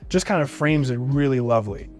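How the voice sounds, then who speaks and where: A man's voice: mid-range voice, brisk, soft background music. A man giving an enthusiastic walkthrough tour of a house, walking room to room and praising every feature. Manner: upbeat, enthusiastic, repeats "really neat" and "beautiful". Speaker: real estate agent giving a home tour. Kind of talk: walkthrough home tour vlog.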